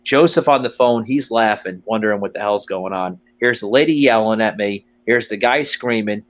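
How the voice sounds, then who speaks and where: This podcast host's fairly low voice arrives lo-fi over a phone line as he tells a rambling, profane, comic story at a moderate pace. Whenever he quotes someone, he slips into a put-on voice.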